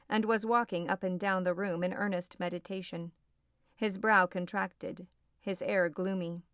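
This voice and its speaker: A woman narrating a classic novel as an audiobook, in a measured, expressive reading. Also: on the low side, no room sound, studio quality.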